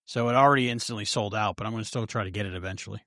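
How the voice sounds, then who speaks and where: Friendly guy chatting on a podcast, quick to react, dry mic. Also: fairly low pitch, fairly bright tone, dry recording. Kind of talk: casual chat.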